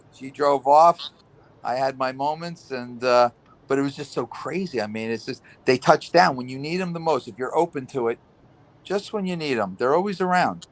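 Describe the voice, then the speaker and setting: Middle-aged man telling a story. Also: medium pitch. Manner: storytelling, emotional, swears casually. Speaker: host. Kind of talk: casual chat.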